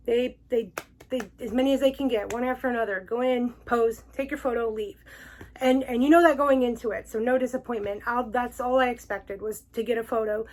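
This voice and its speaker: A woman's voice: fairly high pitch, poor audio. A woman hosting her own vlog, telling a personal story in a gushing, emotional way and laughing often between words. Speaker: vlog host.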